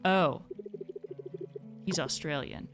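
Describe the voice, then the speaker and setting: A young woman narrates her gameplay in a calm, reflective way. She speaks slowly and softly in a lowish voice. Quiet music plays faintly behind her. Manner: soft-spoken, calm and reflective. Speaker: gaming video host. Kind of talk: gentle mindful gameplay commentary.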